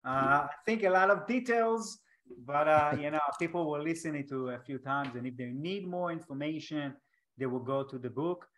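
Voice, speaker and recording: A man with an Israeli accent, a native Hebrew speaker, hosting a casual interview over a video call, speaking haltingly with frequent restarts and non-native grammar. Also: fairly high pitch, fairly bright tone, a little hiss or hum. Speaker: podcast host.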